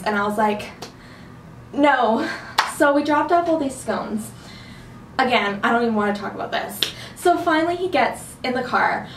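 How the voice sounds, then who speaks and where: Young woman rambling a storytime vlog, higher voice, echoey room a bit off mic. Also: distant mic, a little hiss or hum. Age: young adult. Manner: chatty, rambling with many "like"s. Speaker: vlogger. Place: dorm room.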